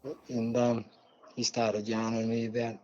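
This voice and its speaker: A man's voice: medium pitch, completely flat delivery, moderate pace, a little mellow, muffled recording. A man with an Australian accent, a guest telling a long, rambling story in a casual interview, full of asides.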